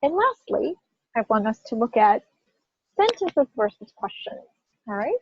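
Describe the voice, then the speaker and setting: Emphatic, higher-voiced woman teaching pronunciation. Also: measured pace, dull audio, a little hiss or hum. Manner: animated, emphatic, checks in with "right?" often. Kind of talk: classroom lesson.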